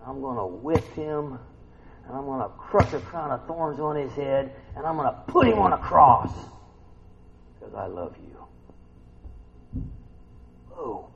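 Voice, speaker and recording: A man preaching a sermon who swings from hushed, intimate lines to sudden excited outbursts. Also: fairly high pitch, a little slow, creaky, pauses often, muffled recording, a little hiss or hum. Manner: swings from hushed to shouting bursts.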